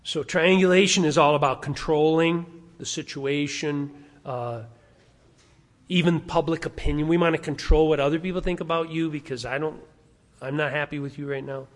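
A man's voice: fairly high pitch, steady tone, moderate pace. A man preaching a sermon as pastor, speaking emphatically and stacking rhetorical questions. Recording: long reverb of a large hall.

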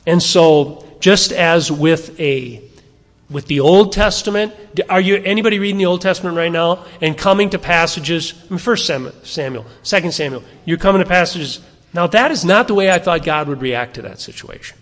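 A man's voice: on the high side, normal speed, fairly bright tone, big-room sound. A man preaching and teaching through a Bible passage, chatting and putting questions to his listeners. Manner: conversational, asking the listeners questions.

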